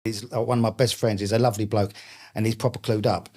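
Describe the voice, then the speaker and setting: A man's voice: lowish voice, flat delivery, quick pace, a little mellow. A middle-aged man with a Cockney accent, a guest chatting casually and telling jokey, swear-filled stories. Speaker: guest, author and actor. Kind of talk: casual interview chat.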